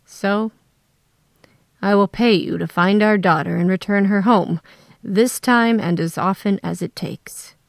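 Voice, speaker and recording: A woman voicing a frail, tired older husband who speaks in a quiet, raspy voice. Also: medium pitch, unhurried, dry recording, clean studio sound. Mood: weary.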